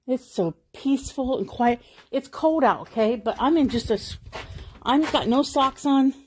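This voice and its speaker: Strolling outside around her house, a vlogger chats to her camera in a casual walk-and-talk, rambling and musing aloud. Her voice is high, husky and expressive, at a normal speed.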